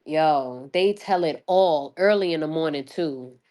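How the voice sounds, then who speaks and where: A woman hosting a casual livestream, excitable and rambling, swearing freely and laughing often, with many restarts. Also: deep voice, unhurried. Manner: rambling with frequent restarts and fillers. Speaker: livestream host.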